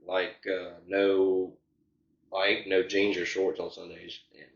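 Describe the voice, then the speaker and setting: Young man, low voice, rambling filler-heavy answers; roomy, slightly muffled recording. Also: little pitch movement, slow, gravelly. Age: young adult. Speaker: interview guest. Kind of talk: casual interview.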